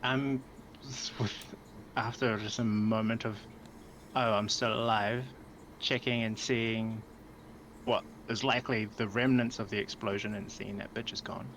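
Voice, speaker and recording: A man playing in a tabletop game, calmly describing his turn. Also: lowish voice, normal speed, a little hiss or hum. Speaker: player. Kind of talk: tabletop role-play.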